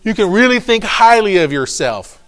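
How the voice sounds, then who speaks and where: A pastor preaching a sermon, emphatic and repetitive, folksy with joking asides, swinging from low asides to shouts. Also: male voice, sing-song, normal speed.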